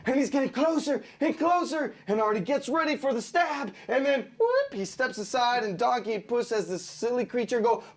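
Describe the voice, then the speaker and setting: A man pitching storyboards, playfully narrating the scene out loud and acting it out. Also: a little fast, hardly any pauses. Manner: playful, laughing, acts out the scene.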